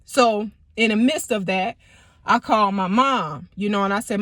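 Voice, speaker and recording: Animated, profane woman telling a story. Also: mid-range voice, normal speed, no echo, studio quality. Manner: animated, profane, emphatic retelling. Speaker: vlogger, storyteller. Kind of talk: casual storytime.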